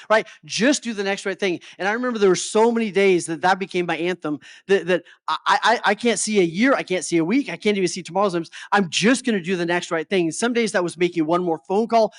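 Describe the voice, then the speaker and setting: A man's voice: sits high, dry recording, clean studio sound. A middle-aged man giving a motivational talk to a live audience as a life coach. He keeps checking in with his listeners and often stumbles over and repeats his words.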